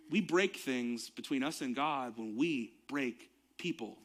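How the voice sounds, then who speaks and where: A man's voice: medium pitch, moderate pace, few pauses, a bit bright. Conversational man preaching. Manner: conversational preaching with fillers and asides. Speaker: pastor. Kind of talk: sermon.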